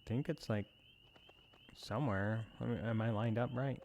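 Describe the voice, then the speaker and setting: A man's voice: mid-range voice, steady tone, normal speed, creaky, darkish tone, slight background noise. A man giving casual commentary as he plays a farming game, rambling with self-amused asides. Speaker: let's play host.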